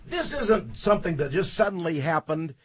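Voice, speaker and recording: A man's voice: fairly high pitch, sing-song, moderate pace, husky. A man speaking as a guest on a studio talk radio show, emphatic and indignant, repeating words for stress.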